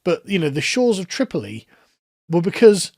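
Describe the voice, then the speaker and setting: Man, slightly high voice, sarcastic, scoffing commentary, dry close mic. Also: very animated, moderate pace, creaky, a little mellow, husky, dry recording. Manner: sarcastic, scoffing, laughs at his subject. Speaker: online commentator. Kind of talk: mocking commentary on clips.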